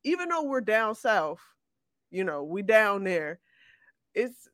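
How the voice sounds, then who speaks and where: A man's voice: sits high, very animated, slow, fairly bright tone, no room sound, studio quality. A man co-hosting a casual podcast, upbeat and easygoing, with slangy speech. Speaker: podcast co-host.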